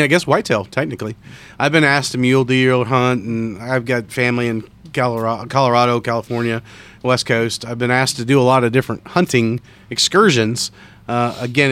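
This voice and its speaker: A man chatting casually on a podcast, blunt and offhand, with a middle pitch for a man. He talks in loose, unpolished sentences. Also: fairly bright tone, smooth. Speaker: podcast guest. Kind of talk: casual chat.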